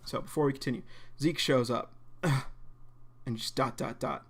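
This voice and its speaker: A man's voice: medium pitch, fairly even intonation, moderate pace, vocal fry, fairly bright tone. A young man streaming a live reaction, reading a comic aloud and narrating in a casual, chatty way, swearing now and then.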